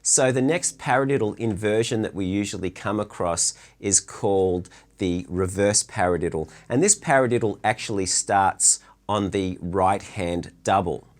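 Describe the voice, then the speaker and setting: A man giving a relaxed, chatty drum lesson from his drum room, counting beats aloud as he explains stickings. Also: fairly low pitch, moderate pace, few pauses. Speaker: drum teacher.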